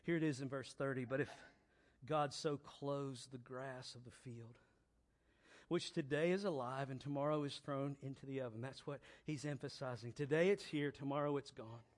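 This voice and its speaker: A male preacher delivering a sermon, moving between quiet, low reflection and loud, emphatic exhortation, with slow, deliberate repeated phrases. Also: steady tone.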